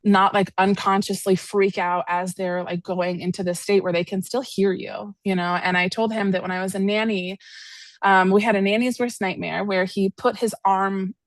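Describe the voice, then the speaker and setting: A woman's voice: mid-range voice, fairly even intonation, moderate pace, no room sound. A woman therapist telling a candid personal story as a guest, talking casually with many fillers.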